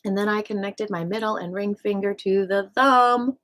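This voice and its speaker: A woman leading a casual qi gong class in a playful, joking way, with soft whispered cues for breathing. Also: medium pitch, moderate pace. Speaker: qi gong instructor.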